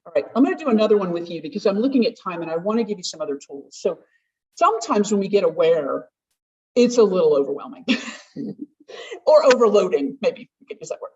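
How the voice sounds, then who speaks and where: A woman gives a talk at a conference, lively and chatty, and often slips into the voices of the people she quotes. Her pitch sits at an everyday middle. She sounds set back from the microphone, and the recording has a dull, muffled tone. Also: fairly quick. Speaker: conference speaker. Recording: distant, dull room mic.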